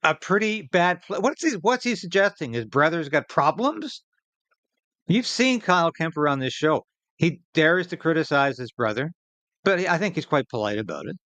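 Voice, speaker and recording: A man's voice: on the high side, sing-song, moderate pace, a bit bright, no echo. A Canadian man tears into interview clips with indignant sarcasm. His voice swings up and down as he talks. The sound is dry and close, with no room around it. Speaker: political commentary host. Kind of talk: angry political commentary over clips.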